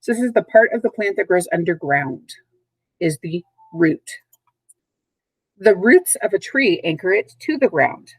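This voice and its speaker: A woman teacher giving a recorded vocabulary lesson, speaking patiently and clearly, repeating and spelling out words, recorded at home. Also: on the low side, lively intonation, a little slow, no echo, poor audio. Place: at home, dogs nearby.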